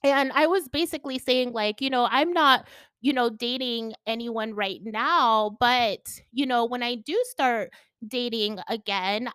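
A woman's voice: on the high side, fairly bright tone, clear, resonant tone, dry recording. A woman hosting a casual solo podcast from home, talking in a bubbly, effusive, giggly way and filling her speech with "like" and "you guys.". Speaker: podcast host. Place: at home indoors.

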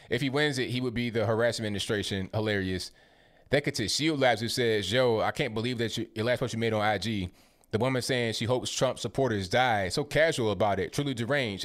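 A man's voice: mid-range voice, a bit bright. A man hosting a casual commentary livestream. He reads viewer comments aloud one by one and responds with blunt rhetorical questions and conversational slang. His delivery is informal and often stumbles into repeated words.

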